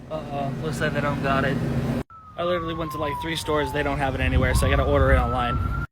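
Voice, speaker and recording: A man's voice: fairly high pitch, huge pitch swings, fast, heavy background noise. A man chatting casually as he reviews a drink. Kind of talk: casual product review vlog.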